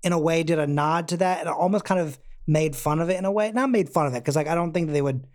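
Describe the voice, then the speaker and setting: A man's voice: a little high, quick pace. Chatty man acting out quotes. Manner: animated, acts out quotes in put-on voices. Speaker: podcast co-host. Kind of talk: casual chat.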